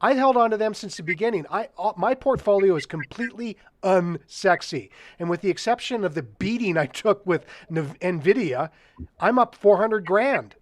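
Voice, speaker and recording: A man's voice: high-pitched, expressive, moderate pace. A man hosting a casual market chat, reading out listener questions and speaking bluntly with the odd swear.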